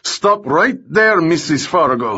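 A man's voice: a little high, expressive, slow, sharp tone, slightly rough, highs cut off, pitched above the performer's own voice, exaggerated voice. A man doing a barking ruthless villain. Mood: commanding. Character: ruthless older male villain, barking orders.

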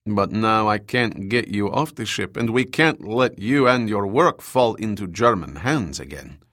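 A man's voice: on the low side, animated, unhurried, a bit bright, dry recording, clean studio sound. A man reading the lines of a Soviet agent who speaks with mocking, genial politeness. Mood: genial menace.

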